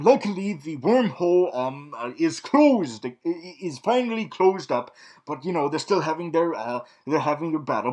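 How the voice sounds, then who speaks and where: Excitable, cursing man vlogging a recap; stammering, wildly animated pitch. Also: poor audio. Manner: excitable, swears a lot, many restarts and stammers. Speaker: vlogger recapping TV episodes in a supervillain persona. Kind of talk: casual rambling recap.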